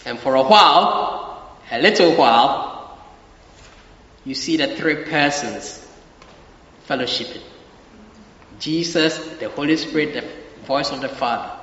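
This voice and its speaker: A man's voice: mid-range voice, lively intonation, a little slow, pauses often, fairly bright tone. A man preaching a sermon with emphasis, repeating his key phrases and asking the congregation for agreement. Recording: echoey hall, dull lo-fi sound.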